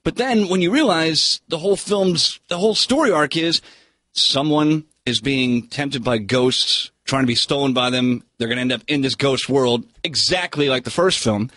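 A man's voice: mid-range voice, moderate pace, a bit bright, no echo. A man reviewing a film in casual chat, blunt and sarcastic in his opinions. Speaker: movie critic.

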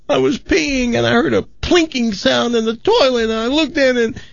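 Man putting on a high, upset teen girl voice, pushed well above his own pitch. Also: moderate pace, creaky, no echo, muffled recording. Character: crying hysterical teenage girl.

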